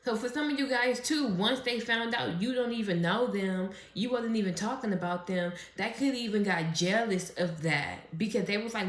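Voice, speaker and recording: A woman's voice: mid-range voice, normal speed, hardly any pauses. A woman doing a casual tarot reading, chatty and profane, who laughs often as she talks. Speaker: tarot reader. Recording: roomy echo.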